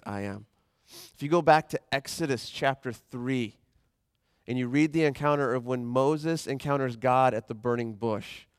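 A man's voice: mid-range voice, no echo, clean studio sound. A man preaching a sermon as a pastor, talking in a conversational way and acting out the voices he quotes.

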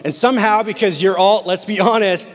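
A man's voice: sits high, fairly quick. A man preaching a sermon to teenagers, telling funny stories and acting out what people say. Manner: animated, joking, acts out quotes. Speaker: youth pastor. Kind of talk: storytelling sermon to teens. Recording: long hall reverb.

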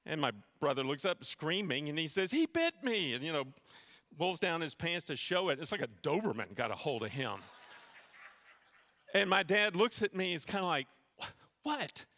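A pastor preaching in a church sanctuary tells a personal story with self-deprecating humor before moving into teaching from scripture. His slightly high voice has a sharp tone and lively intonation at a moderate pace, with big-room sound.

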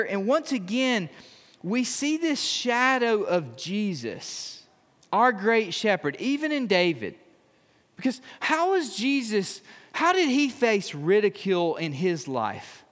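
A man's voice: high-pitched, big pitch swings, slow pace, a bit bright, big-room sound. A man preaching a sermon. He reads scripture aloud, then explains it in a conversational way with touches of humor. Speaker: pastor.

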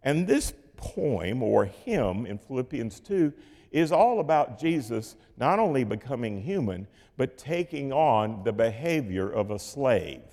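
A man preaching a sermon in a measured, rhetorical way, with dramatic pauses and dips in volume. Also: mid-range voice, gravelly, a little mellow. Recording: long hall reverb.

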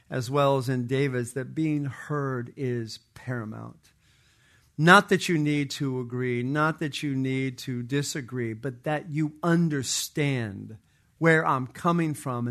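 A man's voice: a little high, fairly bright tone. A middle-aged man preaching a sermon, earnest and emphatic, often repeating phrases for weight.

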